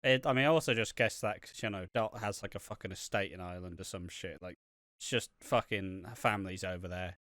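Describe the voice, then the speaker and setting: A man's voice: sits low, brisk, a bit bright, no room sound, clean studio sound. Sweary man on a podcast. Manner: sweary, rambling, laughs often. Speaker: podcast co-host reviewing a soap. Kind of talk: casual podcast chat.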